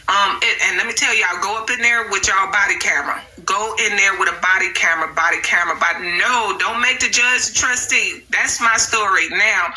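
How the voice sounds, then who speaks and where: A woman with a very bright, sharp voice chats loosely to her livestream audience. She tells stories in a relaxed, slangy way and swears without a second thought. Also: mid-range voice, a little hiss or hum, low-quality recording. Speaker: livestream host. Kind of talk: casual livestream storytelling.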